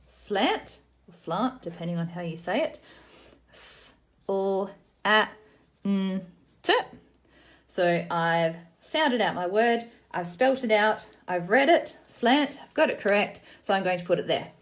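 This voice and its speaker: Woman, casual tutorial voice, sounds out words slowly, then chats briskly, mid-pitched. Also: expressive. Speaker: teacher demonstrating literacy games.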